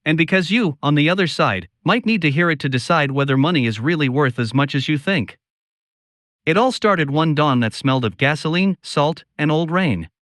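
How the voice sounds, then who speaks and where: A man tells a dramatic first-person story in a slow, solemn, confiding manner. His voice sits a little high for a man, and the sound is dry and close. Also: animated, a bit bright, no room sound.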